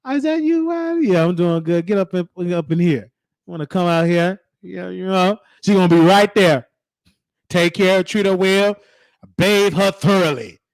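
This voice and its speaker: A man with a high-pitched voice riffs through a casual reaction commentary. He teases and scolds in a preachy way, drawing out each "honey" as he hosts his show. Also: a bit bright. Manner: teasing, preachy, drawn-out "honey"s. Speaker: show host.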